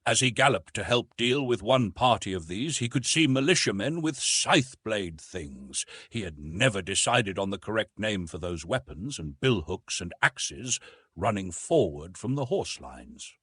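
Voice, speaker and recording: A man narrating a science fiction story aloud, in an animated storytelling manner. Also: unhurried, husky, no echo. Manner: animated storytelling with lively rises in pitch. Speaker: audiobook narrator.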